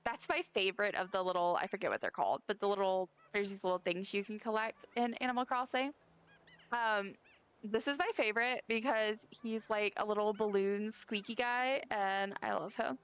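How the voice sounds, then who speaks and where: A woman's voice: mid-range voice, moderate pace, a bit bright, smooth. A woman streamer chatting casually while playing a game, giggling and talking to the characters on screen. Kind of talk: casual gameplay chat.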